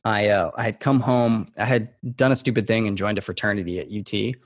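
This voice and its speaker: Low-voiced man telling stories casually. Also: a little fast, no echo. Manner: relaxed and rambling, with many fillers and restarts. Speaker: guest. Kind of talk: casual storytelling in a podcast interview.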